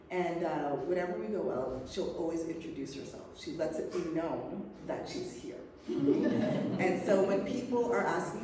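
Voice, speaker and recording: A woman's voice: deep voice, dark tone. A woman speaker at a women's network event telling a personal story, laughing often as she talks. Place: event hall. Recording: echoey hall, voice from far off, noisy.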